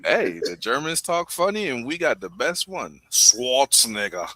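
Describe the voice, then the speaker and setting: Podcast guy arguing his point, super bright voice, lively swings. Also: medium pitch, measured pace. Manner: animated, argumentative. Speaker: podcast co-host. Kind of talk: casual chat.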